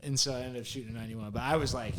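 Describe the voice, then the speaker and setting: A young man co-hosting a podcast, telling long stories in animated, profane casual chat packed with "like". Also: medium pitch, rapid-fire, a crowd in the background. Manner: animated, profane storytelling full of "like". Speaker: podcast co-host.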